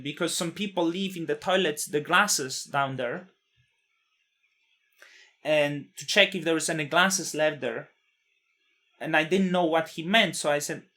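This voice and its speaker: A man's voice: on the high side, measured pace, pushed and bright. A man in his thirties, not a native English speaker, telling a personal story in a candid, blunt way, with swearing and frequent restarts.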